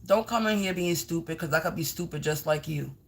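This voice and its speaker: A woman's voice: low voice, fairly quick. A woman doing a live energy reading, speaking bluntly and with a lot of profanity, calling her viewers "Collective" and rambling through long lists of words. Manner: talks straight to viewers as "Collective". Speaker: spiritual energy reader. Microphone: streaming live on camera.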